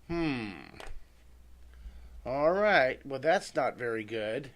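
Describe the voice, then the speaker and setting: A man's voice: mid-range voice, lively intonation, drawn-out words, pauses often, fairly bright tone. A middle-aged man leading a live drawing lesson, chatting to viewers and talking himself through each sketch. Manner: chatty, talks to himself while sketching, greets viewers by name. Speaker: drawing teacher.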